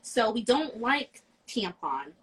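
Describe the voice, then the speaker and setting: A woman co-hosting a casual podcast, telling stories in an animated, dramatic way with quick asides. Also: on the high side, slightly rough, low-quality recording. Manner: animated, dramatic retelling with laughter. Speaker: podcast co-host. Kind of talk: casual chat about books.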